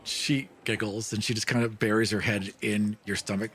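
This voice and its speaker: A man narrating a tabletop game as game master, relaxed and descriptive, with frequent fillers. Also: on the low side, moderate pace, hardly any pauses, breathy edge.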